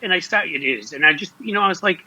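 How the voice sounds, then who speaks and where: A man's voice: sits high, lively intonation, fast, muffled recording, over a noisy crowd. A male political commentator from Ohio in heated talk, blunt and impassioned, often restarting his sentences.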